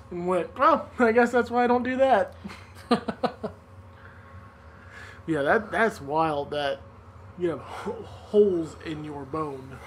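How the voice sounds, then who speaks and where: A man's voice: sits high, expressive, slow pace, long pauses, a little hiss or hum, rough recording. A man hosting a podcast, recounting news in loose, casual chat with frequent laughter and swearing. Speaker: podcast host.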